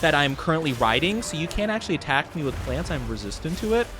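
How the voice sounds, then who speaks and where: A man's voice: fairly high pitch, very animated, fast talker, background noise. A man voicing a monster as a smug, bratty playground kid who whines that nothing can hurt him. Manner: whiny know-it-all, nasal "nuh-uh" drawl.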